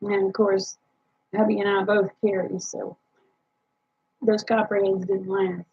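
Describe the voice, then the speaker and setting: A worn-out woman with a drawl talks unhurriedly to her live viewers, rambling with plenty of fillers. Her voice is gravelly and a little husky. The sound is dull and lo-fi. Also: medium pitch, flat delivery, measured pace. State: tired, yawning. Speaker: homesteader talking to live chat viewers. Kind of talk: casual live chat.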